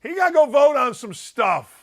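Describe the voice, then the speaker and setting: A middle-aged man hosting a sports and politics talk show, excitable, rambling and sarcastic. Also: very high voice, moderate pace.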